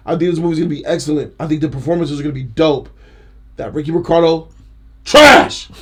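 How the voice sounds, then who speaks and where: A young man hosting a casual trailer reaction chat, animated and joking, laughing often. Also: fairly high pitch, fast, breathy edge. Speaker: host.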